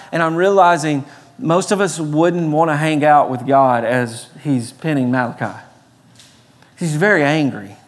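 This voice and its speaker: Pastor guy preaching, pretty high voice, big church reverb. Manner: preaching with rising intensity, acting out quoted voices. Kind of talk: sermon. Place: church sanctuary.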